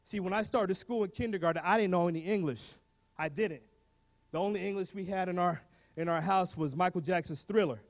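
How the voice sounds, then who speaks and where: A man speaking as a guest speaker, telling his story in an animated, slangy way and acting out the voices of people in it. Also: sits high, a little fast. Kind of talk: motivational school talk. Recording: long reverb of a big hall.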